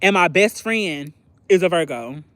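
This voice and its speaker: A young man with a high, light voice talks openly on a livestream, confiding and playful. He acts out little phone conversations in quick voices and keeps clearing his throat. The sound is close and dry, with no room around it. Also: lively intonation, a bit bright, no room sound. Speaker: livestream host. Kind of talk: candid personal livestream chat.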